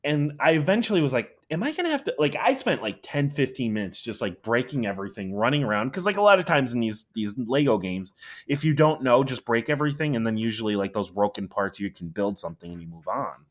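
A man's voice: medium pitch, brisk. A man chatting casually about video games, rambling and filling his talk with "like". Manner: rambling, heavy use of "like", lively storytelling.

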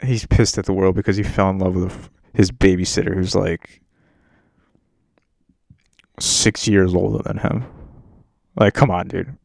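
Male podcast host, low voice, dry close mic; crude, rambling, self-mocking casual rant. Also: fairly even intonation, measured pace, gravelly, pauses often, darkish tone, dry recording. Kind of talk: casual profane movie rant. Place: home setup while on a muted work meeting.

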